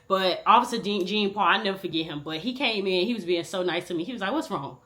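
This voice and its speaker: Young woman, candid storytime vlogger: bright, animated, slangy, loud one moment and muttering the next. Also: mid-range voice, fast.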